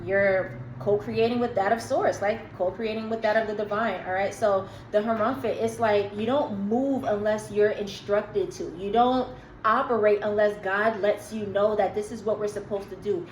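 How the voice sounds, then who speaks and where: A woman's voice: medium pitch, fairly even intonation, moderate pace, reverberant, slight background noise, poor audio. A woman giving a casual tarot reading to her viewers, chatty and emphatic, with slangy asides. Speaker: tarot reader.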